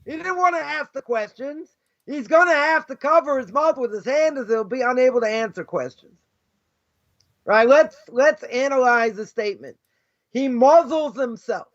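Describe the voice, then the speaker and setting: A man, a rabbi, giving an informal talk on Jewish ethics, often asking "right?" and acting out the voices in his stories. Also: very high-pitched. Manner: animated, repeats "right?" often, acts out quoted voices. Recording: dull lo-fi sound.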